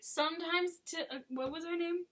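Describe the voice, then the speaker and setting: A woman's voice: very high voice, moderate pace, a bit bright. A woman chatting casually as a movie reviewer, with frequent giggles and sarcastic asides. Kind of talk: casual chat.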